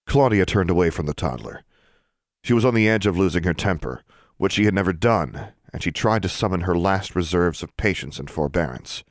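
Low-voiced guy reading a story, calm steady pace, dry close sound. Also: brisk, no room sound. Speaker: audiobook narrator. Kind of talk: scripted narration.

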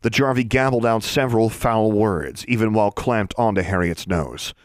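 A man narrating a fantasy story in a steady, even storytelling manner. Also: lowish voice, normal speed, no room sound, studio quality. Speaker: audiobook narrator.

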